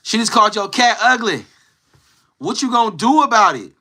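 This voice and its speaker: A man's voice: high voice, big pitch swings, normal speed, pushed and bright. A young man streaming live, casually chatting with his viewers and playfully teasing trolls in the chat. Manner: teasing, playful trash talk.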